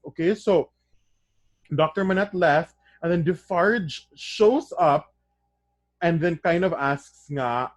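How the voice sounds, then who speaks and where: A man's voice: a little high, slow pace, dry recording. Man reading a novel aloud with chatty asides. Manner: reads aloud, then breaks into excited chatty asides. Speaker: reader of a novel. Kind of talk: reading aloud with casual commentary.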